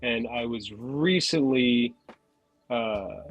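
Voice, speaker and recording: A man's voice: mid-range voice, very slow, no echo, dull audio, soft background music. A man, a podcast guest from New Jersey, telling rambling self-mocking stories over a remote call on his phone. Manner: rambling storyteller, self-mocking, laughs between remarks.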